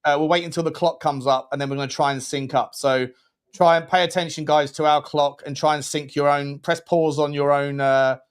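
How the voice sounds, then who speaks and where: A man's voice: on the high side, fairly even intonation, a little fast, clean tone. A man hosting a casual football watchalong, rambling and restarting his sentences. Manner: rambling, restarts phrases, chatty. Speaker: host.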